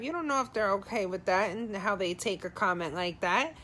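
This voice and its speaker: A woman psychic medium talking through a live reading at a middling pitch. She passes on spirit messages in the first person, casual and direct, with frank advice. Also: fairly bright tone. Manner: advising, frank tone.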